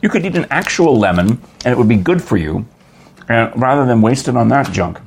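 A man's voice: brisk, creaky, husky. A man hosting a casual podcast chat, rambling and joking with a guest. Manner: chatty, rambling storyteller with lively pitch swings. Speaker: podcast host.

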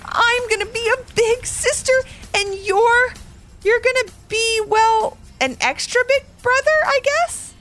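A woman voicing an excited little girl in a storybook, talking in breathless, squealing bursts. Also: extremely high pitch, takes it slowly, soft background music, pitched above the performer's own voice, full character voice. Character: excited little girl wanting to be big sister.

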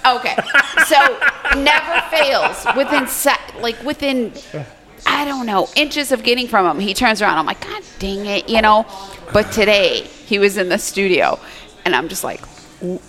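A woman's voice: fairly high pitch, normal speed. A woman radio host chatting casually and telling stories with lots of laughter. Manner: giggly, animated storyteller. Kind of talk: casual podcast chat.

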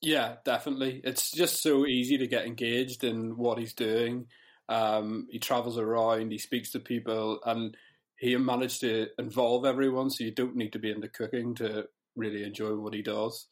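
A man's voice: medium pitch, flat delivery, moderate pace. A man co-hosting a podcast in casual chat, enthusiastic and easygoing, often laughing. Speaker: podcast co-host.

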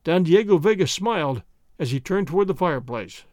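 A man narrating a classic adventure story in a measured storytelling way. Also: on the high side, animated, a little mellow, no echo, studio quality. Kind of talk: dramatic audiobook narration.

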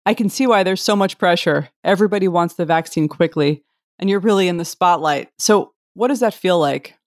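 A woman hosting an interview, asking scripted questions in a polished, measured way. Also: fairly low pitch, no echo, studio quality. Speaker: podcast host.

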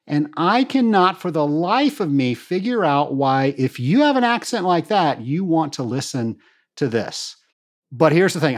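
A man hosting his own podcast, talking enthusiastically and gratefully to his listeners in a solo monologue. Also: fairly high pitch. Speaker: podcast host.

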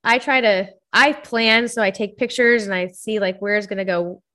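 A woman's voice: medium pitch, pushed and bright. Bubbly woman podcast host. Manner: bubbly, chatty, quick laughs. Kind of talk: casual interview chat.

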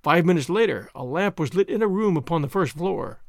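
A man reading a story aloud in an expressive, dramatic way. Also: on the high side, brisk, hardly any pauses, no room sound, clean studio sound. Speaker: narrator.

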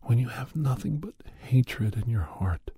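A man's voice: mid-range voice, expressive, a little slow, mellow, slightly rough, no echo, studio quality. A man giving a rambling, preachy moral monologue, often sliding into a whisper. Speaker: monologue speaker.

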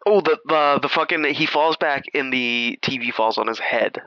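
A man co-hosting a podcast, recapping a movie in crude, laughing, animated casual chat. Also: mid-range voice, normal speed, no room sound, lo-fi sound. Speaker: podcast co-host.

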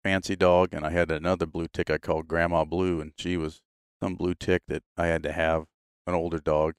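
Deep-voiced man telling hunting stories. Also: fairly quick, clear, resonant tone, no echo, clean studio sound. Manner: laughing, animated storyteller doing quoted voices. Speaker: podcast guest. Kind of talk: casual storytelling.

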